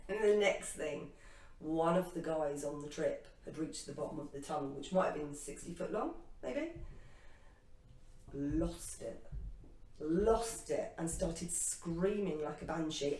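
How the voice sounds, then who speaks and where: A woman co-hosting a casual spiritual chat show, telling a personal travel story with lively acted-out reactions and laughter. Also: deep voice, takes it slowly, pauses often. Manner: animated, acts out her own past reactions with laughter. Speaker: co-host. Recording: echoey room, distant mic.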